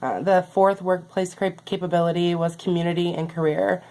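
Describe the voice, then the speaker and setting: A young adult woman student giving a recorded class reflection, earnest and halting with many pauses, losing her voice. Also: fairly low pitch, fairly even intonation, warm tone.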